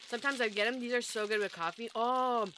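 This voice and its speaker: Young female vlog co-host, crisp bright tone, blunt expressive snack reviews. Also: fairly high pitch, quick pace, slight background noise. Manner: blunt and expressive about tastes. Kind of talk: casual snack taste-test chat.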